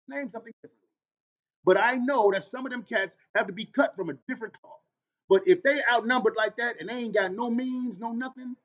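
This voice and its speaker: A man hosting a podcast, telling stories in a casual monologue with big swings in loudness and pitch, using Black American vernacular. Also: lo-fi sound. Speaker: podcast host.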